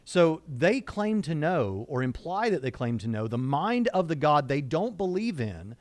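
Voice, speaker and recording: A middle-aged man from Southwest Indiana, co-hosting a casual discussion and turning animated when he quotes others. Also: on the high side, unhurried, dry recording. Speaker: co-host.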